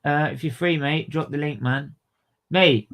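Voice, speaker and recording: In heated fan commentary, a livestream host rants about motorsport, full of repeated phrases, slang, and swearing. His voice is fairly high and fairly bright, and he talks a little slowly.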